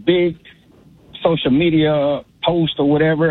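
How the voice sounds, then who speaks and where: Caller, ex-club DJ, husky voice, phone-line sound, rambling. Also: male voice, a little high, moderate pace, dry recording. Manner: rambling, streetwise storytelling. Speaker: radio caller, former club DJ. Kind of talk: casual call-in chat. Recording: tinny phone line, dry.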